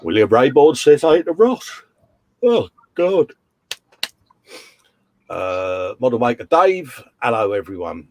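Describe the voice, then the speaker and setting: A man's voice: mid-range voice, very animated, slow, pauses often, darkish tone. Chatty man hosting a live show. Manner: chatty, jokey, lots of "uh" and "mate". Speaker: livestream host. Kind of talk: casual chat reading out live comments.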